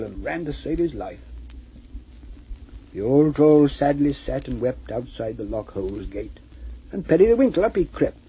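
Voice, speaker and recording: Man, poetry reading, very husky, mellow, rhythmic lilting recital. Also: fairly high pitch, poor audio. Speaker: reader.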